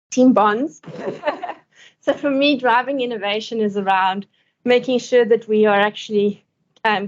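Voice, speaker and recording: Woman giving a conference talk, higher voice, chatty, muffled lo-fi sound. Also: darkish tone. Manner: conversational, laughs often between points. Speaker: conference speaker.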